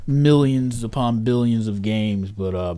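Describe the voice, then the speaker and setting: A man's voice: medium pitch, a little slow, dark tone, no echo. A man giving his opinion in a casual podcast chat, thoughtful and hesitant with many fillers.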